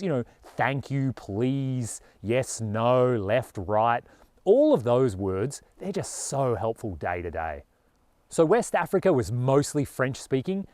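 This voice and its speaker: A man's voice: medium pitch, darkish tone, dry recording. A man with an Australian accent talking earnestly and casually to camera as a travel vlogger, with a lot of "you know".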